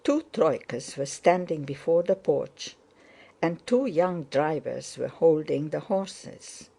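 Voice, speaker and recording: A woman narrating an audiobook in a steady, measured reading. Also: deep voice, creaky, slightly rough. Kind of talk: scripted narration.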